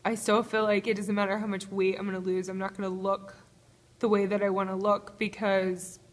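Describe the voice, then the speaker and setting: A woman recording a confessional video diary on a phone held to her face in a small gym, tearful and halting, laughing nervously through her words. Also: medium pitch, level tone. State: tearful, crying. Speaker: vlogger. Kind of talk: emotional personal video diary. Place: small apartment-complex gym, indoors.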